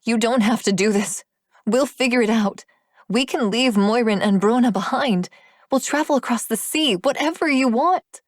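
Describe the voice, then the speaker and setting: An earnest young woman heroine from an audiobook, played by the narrator. Her voice sits higher and louder than the narration and carries a steady, pleading urgency. The recording is dry and close. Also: unhurried, no echo. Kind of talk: audiobook character voice.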